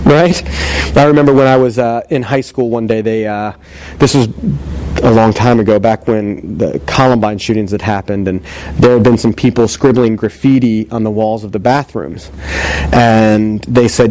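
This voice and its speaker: A man's voice: a little high, animated, moderate pace, a little mellow, a little hiss or hum. A man preaching a sermon, retelling a story in a conversational way and acting out the dialogue with joking asides. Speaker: pastor.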